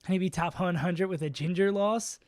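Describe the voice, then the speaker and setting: A man's voice: high-pitched, a little fast, darkish tone, dry recording. A man streaming live, casually talking through player rankings in a rambling, self-mocking way. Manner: rambling, self-mocking, many fillers and restarts.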